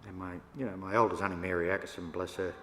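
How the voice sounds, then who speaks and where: An older Australian man, a First Nations elder, tells stories to an audience in a relaxed, yarning style, with laughs between them. His voice sits low and he speaks fast. The church hall setting is echoey, with faint room noise.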